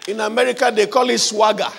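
A male preacher delivering a fervent revival sermon, shouting repeated calls for the congregation to pray aloud. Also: high-pitched, steady tone, fast, creaky, crowd noise, background noise. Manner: fervent, repetitive exhortation.

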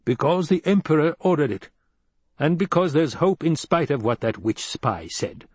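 A man voicing a shrewd, gruff older male adviser with a dry, wry questioning manner. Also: a little high, animated, normal speed, no echo, pitched above the performer's own voice.

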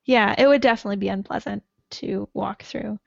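A woman's voice: mid-range voice, fairly quick, gravelly, a little mellow, dry recording, muffled recording. A woman co-hosting a casual podcast, rambling and giggling, with lots of "like". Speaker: podcast co-host.

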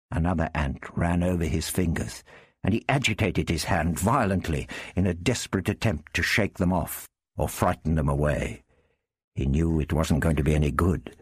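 Deep husky male storyteller. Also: no echo, clean studio sound. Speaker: narrator. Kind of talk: audiobook reading of an adventure story.

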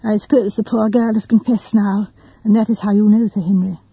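A woman voicing a gentle, fussy old spinster who rambles softly. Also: medium pitch, steady tone, a little fast, slightly rough, dry recording, low-quality recording. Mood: musing. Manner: rambling, soft and quiet.

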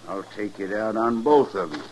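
A man's voice: on the low side, lively intonation, darkish tone, slight background noise, close to an everyday voice. A man as a sneering, brutal outlaw. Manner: slow, sneering, taunting. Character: menacing brutal male outlaw, cold and taunting. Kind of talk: 1950s radio drama acting.

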